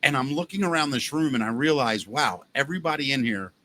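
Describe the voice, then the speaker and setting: A middle-aged man hosting a casual podcast chat, telling stories in an animated way, acting out quotes and swearing freely. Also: medium pitch, fast, a little hiss or hum. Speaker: podcast host.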